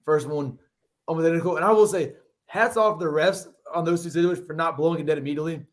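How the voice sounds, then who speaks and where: Man, podcast guest, rapid-fire, slightly high voice, rambles and repeats himself. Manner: rambling, repeats words while thinking. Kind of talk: casual sports chat.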